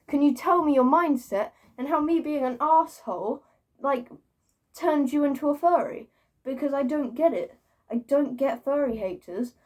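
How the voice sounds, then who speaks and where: A woman with a somewhat high voice rants to her camera in a loose, chatty way. She swears freely, giggles, pokes fun at herself and piles up repeated words for emphasis. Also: a little mellow. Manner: giggly and self-mocking. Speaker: vlogger. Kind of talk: casual rant to camera.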